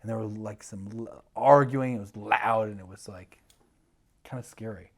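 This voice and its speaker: A middle-aged man telling a long story in an animated way, full of fillers and restarts, acting out the other people's voices. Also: lowish voice, normal speed, slightly rough. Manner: rambling, many fillers and restarts, acts out voices. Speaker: podcast guest, TV producer.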